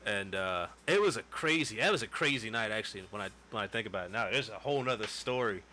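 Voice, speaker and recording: A man's voice: lowish voice, animated, fast talker, bright, forceful tone, a little hiss or hum. A man in his twenties casually telling a long story on a podcast, loose and profane, acting out what people said. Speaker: podcast co-host.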